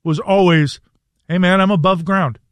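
A man co-hosting a radio talk show, delivering a reflective, earnest commentary in a measured way. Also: high voice, fairly even intonation, dry recording.

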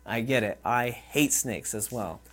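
A man's voice: mid-range voice, measured pace, fairly bright tone. Male pastor delivering a conversational sermon. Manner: conversational, checks in with "okay?".

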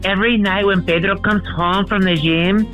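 A man's voice: high-pitched, steady tone, normal speed, bright, forceful tone, soft background music, pitched above the performer's own voice. A man voicing a sad, jealous male caller who complains dramatically about his boyfriend's trainer. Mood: sad, gossipy.

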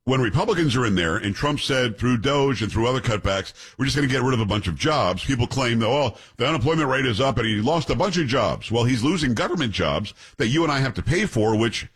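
A man's voice: mid-range voice, lively intonation, quick pace, few pauses, fairly bright tone, husky. A man hosting an opinion show, describing clips with blunt, scornful commentary. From New York. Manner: blunt, scornful commentary with many rhetorical asides. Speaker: show host.

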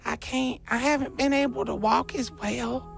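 A man voicing a pushy, sweet-talking old woman who haggles hard, in a high wavering granny voice. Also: steady tone, moderate pace, gravelly, a bit bright, soft background music, heavily acted. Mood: wheedling.

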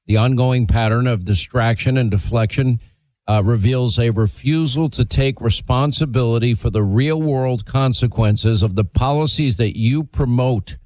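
A man's voice: mid-range voice, darkish tone, no echo, rough recording. A man hosting a talk radio show, reading a statement and interviewing a guest in an emphatic, opinionated way.

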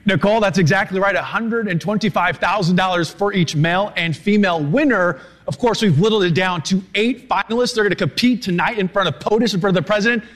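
Energetic, high-voiced man reporting live. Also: fast talker. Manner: energetic, chatty, upbeat. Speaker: field correspondent.

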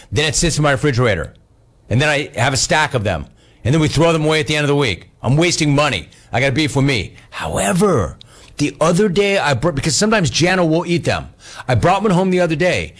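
A middle-aged man hosting a talk radio show, telling exasperated stories in a casual, animated way. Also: fairly high pitch.

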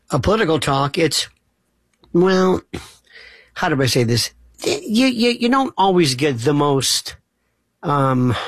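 A man's voice: fairly high pitch, gravelly, dry recording. Middle-aged guy hosting late night radio, digressive and punchy, dead dry studio sound. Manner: digressive, emphatic, rhetorical questions. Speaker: radio talk show host.

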